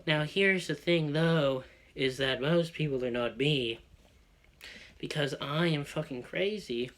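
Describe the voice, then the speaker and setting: A man telling a personal story as a rant, excitable and full of swearing. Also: a little high, slow. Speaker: vlogger.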